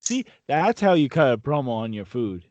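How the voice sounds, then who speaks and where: A man's voice: mid-range voice, sing-song, moderate pace, darkish tone, no echo, highs cut off. A man co-hosting a wrestling podcast, chatting casually and often stumbling over repeated words. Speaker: podcast co-host. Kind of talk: casual chat.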